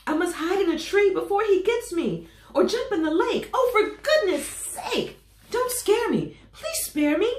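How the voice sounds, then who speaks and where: A woman voicing a big male elephant who squeals high and loud when frightened, in a children's storybook reading. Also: measured pace, reverberant. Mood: panicked.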